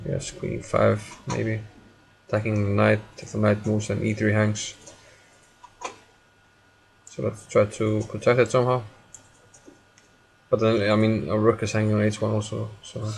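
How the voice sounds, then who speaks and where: A man's voice: on the low side, completely flat delivery, unhurried, gravelly, long pauses. A man with an Icelandic accent giving live chess commentary, calling out moves in short bursts.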